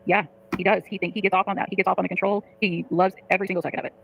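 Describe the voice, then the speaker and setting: Fast, gravelly woman venting to her chat. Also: mid-range voice, level tone, a bit bright, rough recording. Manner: rapid, profane, frustrated venting. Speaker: livestreamer.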